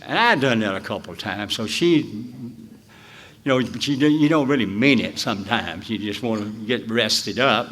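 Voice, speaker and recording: A man from Dallas gives a candid personal testimony at a recovery convention. He tells it in a folksy storytelling way, with halting restarts. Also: lowish voice, fairly bright tone. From Dallas, Texas. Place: convention hall.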